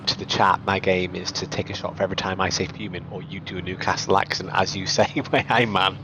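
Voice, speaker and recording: A man's voice: low voice, little pitch movement, fast talker. A man chiming in as co-commentator on a live sim race, with dry joking asides. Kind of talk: casual co-commentary. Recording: dull lo-fi mic with faint hiss.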